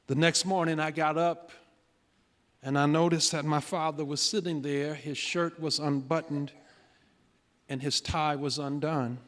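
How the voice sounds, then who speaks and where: A pastor telling a personal story in a sermon, dramatic, shifting between loud declarations and hushed moments. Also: male voice, fairly high pitch, steady tone, measured pace. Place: large church sanctuary. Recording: long church hall reverb.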